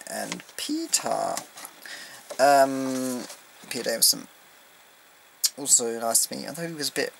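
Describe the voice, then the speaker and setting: A man's voice: medium pitch, measured pace, vocal fry, pauses often, a little hiss or hum, rough recording. Guy vlogging from his room, gushy and rambly, keeps saying um, medium voice. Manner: excitable, rambling, lots of ums. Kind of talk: casual fan vlog recap. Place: indoors at home, beside his collection.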